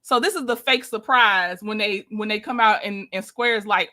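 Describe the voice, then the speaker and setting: Bright, chatty woman recapping a show. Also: medium pitch, moderate pace, hardly any pauses. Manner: chatty, addresses viewers directly, opinionated asides. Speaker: YouTube commentator. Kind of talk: casual reality-show recap.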